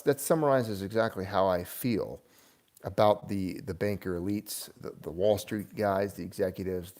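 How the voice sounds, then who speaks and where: A man's voice: fairly low pitch, a little mellow. Rambling defiant male livestream host. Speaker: channel host. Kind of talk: casual livestream chat.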